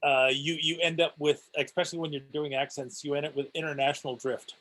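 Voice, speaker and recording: A man voice actor speaks on a panel over a video call. His voice sits a little high, and he stumbles and restarts as he begins his phrases. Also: level tone, bright, forceful tone. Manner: halting, stammering starts. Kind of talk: casual panel chat.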